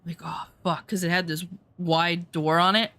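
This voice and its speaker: Woman telling profane, animated stories. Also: on the low side, normal speed, slight background noise. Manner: profane, animated, rambling anecdotes. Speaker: storyteller. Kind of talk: casual storytelling chat.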